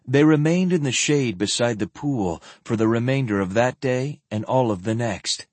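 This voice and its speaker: A man reads a fantasy audiobook with a husky, slightly grainy voice, his pitch rising and falling in a lively way across each sentence. The sound is close and dry, with no room around it. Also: normal speed, few pauses, dry recording. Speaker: narrator. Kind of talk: audiobook narration of fantasy novel.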